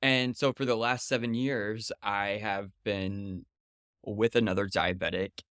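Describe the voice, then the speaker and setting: A man's voice: lowish voice, steady tone, measured pace, fairly bright tone, clean tone, dry recording, studio quality. A man in his thirties, a podcast guest talking casually and chattily, full of fillers and quoted retorts. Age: 30s.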